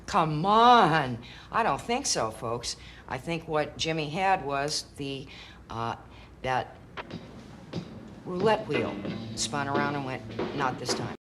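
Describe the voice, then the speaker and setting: Woman interviewee, deep voice, blunt, candid storyteller. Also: lively intonation, takes it slowly, pauses often, slight background noise. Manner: blunt, frank and joking.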